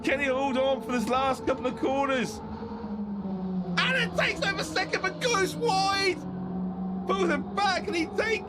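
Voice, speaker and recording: A man presenting an event broadcast in a brisk, informative way. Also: extremely high pitch, animated, over loud music.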